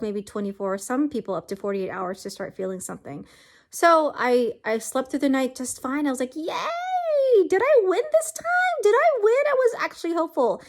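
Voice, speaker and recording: A woman talking casually to camera in a vlog, tired and achy, earnest and upbeat in a chatty way. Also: a little high. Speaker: vlogger.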